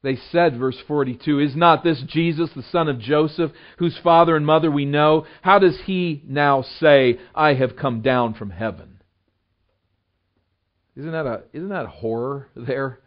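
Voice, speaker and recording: A man preaching a sermon as a pastor, building emphasis on scripture and dropping low and soft for earnest appeals. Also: unhurried. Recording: dull lo-fi sound.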